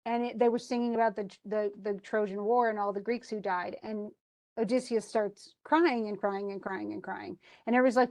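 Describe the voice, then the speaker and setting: A woman's voice: mid-range voice, fairly even intonation, brisk, darkish tone. A woman retelling a classical epic to a class in a casual, chatty lecture full of fillers and restarts. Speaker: teacher.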